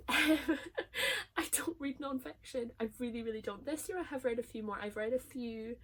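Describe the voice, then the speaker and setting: Breathy, gushing woman. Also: fairly high pitch. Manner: gushing, emotional, often trailing into soft whispers. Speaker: book reviewer. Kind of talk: casual vlog review.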